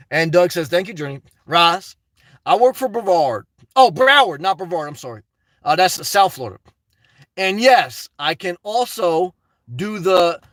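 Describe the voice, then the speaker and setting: A man with a high-pitched voice hosts a casual livestream, joking and rambling as he reads out viewer comments. The sound is close and dry, with no room in it. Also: no room sound. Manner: playful, rambling, jokey shout-outs to viewers. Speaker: livestream host reading chat.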